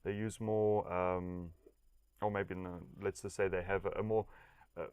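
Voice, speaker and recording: Guy with a lowish voice, english teacher, lots of uhs and pauses, dry close sound. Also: level tone, smooth, dry recording, muffled recording. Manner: hesitant, many fillers and restarts, laughs easily. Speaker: English teacher and designer, interview guest. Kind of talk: casual interview answers.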